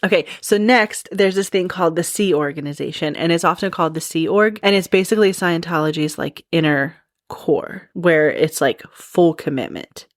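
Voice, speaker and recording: Chatty low-voiced woman podcast host. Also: moderate pace, no room sound, studio quality. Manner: chatty, lots of "like" and "you know", laughs at herself. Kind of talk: casual explainer monologue.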